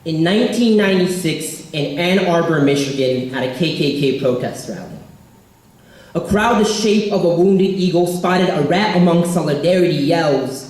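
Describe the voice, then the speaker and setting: A man's voice: a little high, moderate pace, a little mellow. A young man performing a spoken word poem with a rhythmic, emphatic delivery. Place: event hall. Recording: echoey hall.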